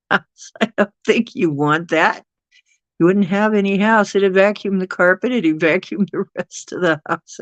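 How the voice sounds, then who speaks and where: Slow, chatty livestream host, dull mic. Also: mid-range voice, dry recording. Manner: rambling, chatty, reads chat aloud; coos softly at pets. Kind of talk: casual livestream chat.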